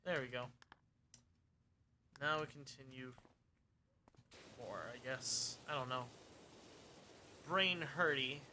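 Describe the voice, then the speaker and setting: A man's voice: medium pitch, fairly even intonation, slow, pauses often, sharp tone, a little hiss or hum. A man streaming a cleaning game, casually narrating his progress in muttered asides and dry jokes. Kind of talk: casual gameplay commentary.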